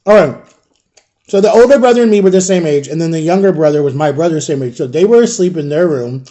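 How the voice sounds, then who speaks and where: High mellow voice, guy in his 30s telling a storytime on his vlog, animated. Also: fast talker. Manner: animated, acts out the people in his stories. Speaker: storytime vlogger. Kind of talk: casual storytelling.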